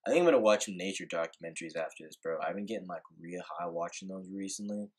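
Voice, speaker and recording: A man's voice: low-pitched, quick pace, husky. A young man telling a rambling, laid-back story in a casual vlog, full of filler words and swearing. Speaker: vlogger.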